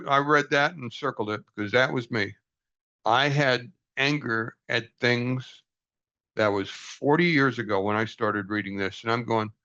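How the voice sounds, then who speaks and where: A man's voice: mid-range voice, sharp tone. An older man reading from a book aloud and reflecting on it in an earnest, folksy, self-deprecating way, on a dull lo-fi recording. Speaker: book study host.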